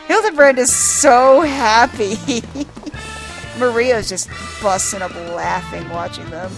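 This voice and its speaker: A woman casually narrating a video game for blind viewers, laughing often, swearing, and excitedly describing what happens on screen. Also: medium pitch, takes it slowly, vocal fry, music in the background.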